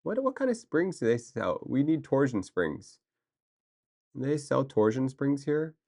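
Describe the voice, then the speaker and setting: A man livestreaming, chatting casually and excitably with viewers, rambling with restarts and answering chat. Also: medium pitch, measured pace, creaky.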